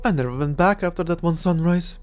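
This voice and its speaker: A woman's voice: on the low side, brisk, soft background music, natural voice. A woman voicing a cocky young adventurer-thief who talks in a playful, mocking way, in a fan audio drama. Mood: teasing. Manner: playful, mocking, laughs often.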